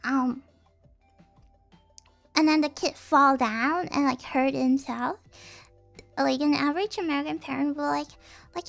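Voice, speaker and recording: A woman's voice: sits high, fairly even intonation, measured pace, gravelly, long pauses, soft background music. A young woman streaming casually, rambling and giggling, acting out the people she quotes. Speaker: vtuber streamer.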